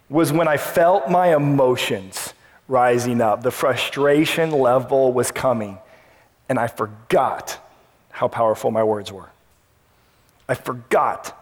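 A man in his thirties or forties preaching to his church in a slightly high voice. He tells a family story with lively asides, acting out his own past lines. The reverb of a church hall rings long behind him. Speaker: pastor. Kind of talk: sermon. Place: church sanctuary.

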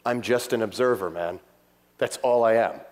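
A man's voice: mid-range voice, a little fast. A middle-aged man preaching a sermon, telling a story with passion and acting out what people said. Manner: impassioned storytelling, acting out quotes. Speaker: pastor. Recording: long hall reverb.

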